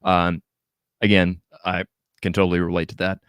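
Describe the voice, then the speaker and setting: Man, 30s, podcast host, smooth resonant voice, lowish pitch, dry close sound. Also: level tone, normal speed, a bit bright, dry recording. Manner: rambling, filler-heavy, enthusiastic. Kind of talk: casual music chat.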